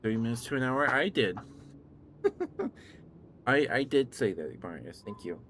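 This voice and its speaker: A man streaming live, chatting in a relaxed way and thanking viewers, still groggy with a morning voice. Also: medium pitch, measured pace, a little hiss or hum. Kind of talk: casual live-stream chat.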